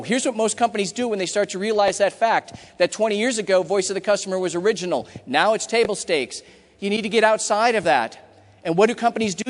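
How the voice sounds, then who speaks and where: A high-pitched man delivers a punchy, emphatic keynote in a large hall with long reverb. He is middle-aged and acts out customer quotes in quick asides. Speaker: conference keynote speaker. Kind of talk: energetic conference talk. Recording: hall reverb from a big room.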